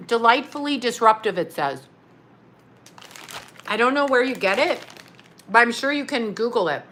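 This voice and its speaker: A woman's voice: fairly high pitch, moderate pace. A middle-aged woman vlogging at home, unboxing a care package with lots of laughing and exclamations. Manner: excitable, laughs often, exclaims "oh my God".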